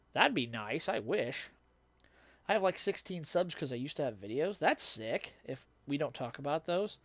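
A young man streams a game and chats casually with his viewers, rambling, poking fun at himself and laughing easily as he reads chat. His voice is mid-range and slightly bright, and the recording is dry.

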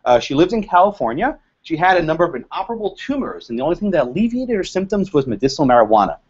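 Animated man giving a joking law lecture. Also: fairly high pitch, very fast, slightly rough. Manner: animated, joking, quizzes the audience, laughs at own jokes. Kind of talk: lively lecture to a live audience. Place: lecture room with an audience. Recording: dull lo-fi lecture recording.

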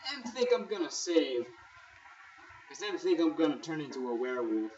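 A man's voice: a little high, big pitch swings, normal speed, a little mellow. A man casually commenting while playing a game, teasing and bantering with the characters on screen. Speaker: gamer playing through a game. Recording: roomy, distant, dull and noisy.

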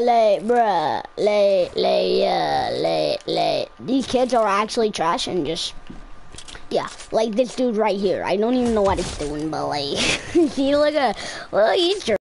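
A woman giving casual gameplay commentary in a loud, trash-talking way, swearing often and flipping between yelling and muttering. Her pitch bounces around a lot, and there is a faint hiss behind her. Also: poor audio. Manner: crude, rambling, swears and trash-talks; excitable, quick swings between yelling and muttering. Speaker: gaming streamer.

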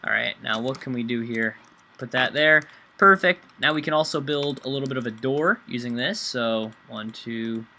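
A man's voice: mid-range voice, moderate pace, sharp tone, a little hiss or hum. A young man hosting a let's play, rambling and self-mocking as he plays, and swearing when he panics. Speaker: gaming channel host.

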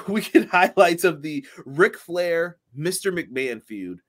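A man's voice: fairly high pitch, lively intonation, slow. A man co-hosting a casual wrestling review chat, laughing often and reading out viewer comments. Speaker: podcast co-host.

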